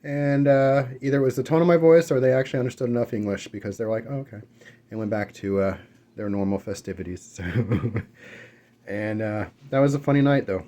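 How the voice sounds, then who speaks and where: A man's voice: fairly low pitch, animated, fast talker, mellow. A man chatting casually while eating on camera at home, rambling through stories with fillers and self-corrections. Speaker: mukbang vlogger. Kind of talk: casual eating chat and storytelling. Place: at home with dogs nearby.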